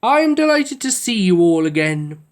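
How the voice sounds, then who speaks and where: A woman's voice: medium pitch, very animated, normal speed, a little mellow, lightly acted. A woman reading a storybook aloud, voicing a jolly old man with a grand, hearty manner. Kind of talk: storybook voice acting.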